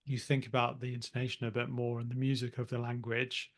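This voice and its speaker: A man's voice: medium pitch, monotone, a little fast. A man co-hosting a podcast, chatting casually and agreeably, often ending points with tag questions. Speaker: podcast co-host. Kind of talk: casual teaching chat.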